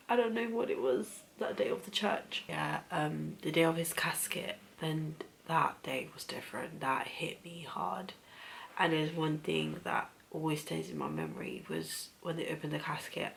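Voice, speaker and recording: A woman in her thirties shares a deeply personal story of grief for her vlog. Her voice is heavily gravelly with fry and often slips into soft, breathy near-whispers. Faint ambient noise sits behind her. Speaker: vlogger.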